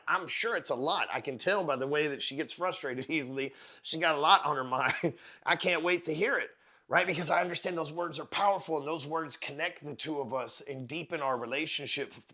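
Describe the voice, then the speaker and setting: Guy on his podcast preaching hard, cussing a lot, repeating himself, bright pushy voice kinda high. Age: adult parent of four. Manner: emphatic, profane, repeats words while building a point. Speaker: podcast host. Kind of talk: motivational monologue.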